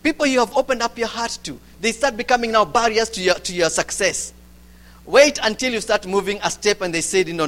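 A man preaching a sermon, swinging from loud urgency to hushed quiet. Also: high-pitched, expressive, brisk.

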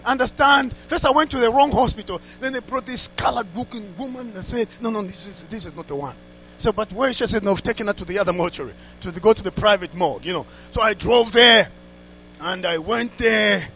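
A man preaching a sermon through a story, dropping to hushed asides and rising to loud exclamations. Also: sits high, a little fast, a little hiss or hum, low-quality recording. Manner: laughs between lines.

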